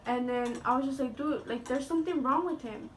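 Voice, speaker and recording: Chatty high-voiced young woman. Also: brisk, slight background noise. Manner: chatty, swearing, heavy use of "like". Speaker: storyteller. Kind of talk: casual storytime vlog.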